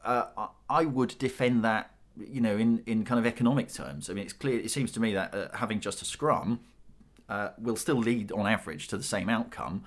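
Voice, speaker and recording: A man's voice: lowish voice, brisk. A middle-aged British man in a panel discussion, thinking aloud with frequent restarts. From Britain. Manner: thoughtful, restarts often. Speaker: panel guest.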